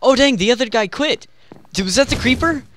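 A man giving excitable gameplay commentary, yelping and trash-talking the other players. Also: very high voice, fairly quick, a loud crowd. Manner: excitable, yelps and trash-talks opponents. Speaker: gaming channel host.

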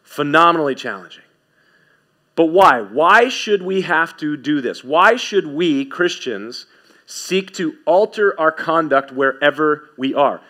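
A man preaching a sermon as pastor, emphatic, repeating key phrases and swinging from quick asides to slow, stressed words. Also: fairly high pitch, expressive, sharp tone.

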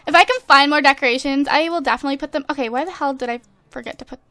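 Very fast, bright and forceful, a high-pitched woman fires off casual let's-play commentary while playing a life-simulation game. The gaming YouTuber is bubbly and chatty, gushing and laughing often into a desk USB microphone, with clean studio sound and no room sound.

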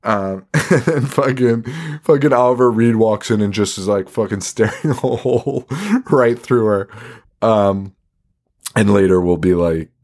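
The man's voice is fairly low and a bit dark in tone, and he speaks a little slowly. On a podcast he co-hosts, he gives a casual, rambling film recap full of cursing, laughs, and mocking quotes.

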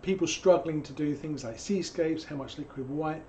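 A hoarse man, teaching painting on a live stream in a chatty, digressive way with jokey asides. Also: on the high side, normal speed, warm tone, slight background noise. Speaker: painting instructor.

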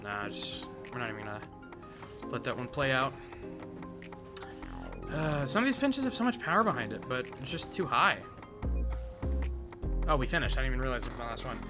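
A man giving casual, excitable gameplay commentary full of gamer slang. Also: mid-range voice, fairly quick, long pauses, music in the background. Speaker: gaming content creator.

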